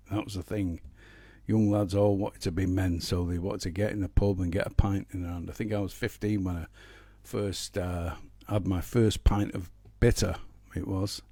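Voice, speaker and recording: A man's voice: low-pitched, warm tone, no echo. A middle-aged man from the Manchester area of England, chatting casually between songs on a live home stream, rambling with blunt humor and lots of fillers. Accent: Northern English, Manchester area. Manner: rambling storyteller, many fillers and restarts, blunt. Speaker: singer-songwriter streaming live.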